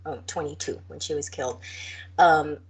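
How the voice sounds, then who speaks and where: Female podcast co-host, husky and slightly low, careful halting narrator. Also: steady tone. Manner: halting, careful, with many fillers. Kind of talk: casual chat and true-crime narration.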